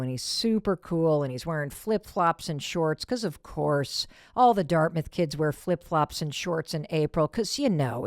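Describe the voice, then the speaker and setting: A woman's voice: sits low, darkish tone, dry recording, clean studio sound. A woman in her fifties from Michigan, hosting a podcast and telling a personal story expressively, dropping to whispers for asides and swearing casually. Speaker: podcast host.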